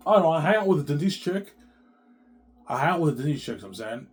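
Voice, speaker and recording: Rambling, profane man's low-pitched monologue. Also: sing-song, fast. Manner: rambling, repetitive, profane, slangy. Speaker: vlogger.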